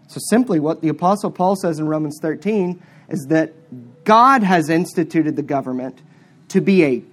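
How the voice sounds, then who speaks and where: An emphatic preacher delivering a sermon at a middle pitch. The delivery swings sharply between hard-stressed words and quiet asides. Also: animated, a little slow.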